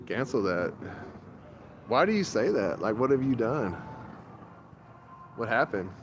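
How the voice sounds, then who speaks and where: A man's voice: mid-range voice, big pitch swings, unhurried, slight background noise, low-quality recording. A man chatting casually to his livestream viewers, rambling from topic to topic, recorded on a phone outside. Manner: rambling, talks to chat.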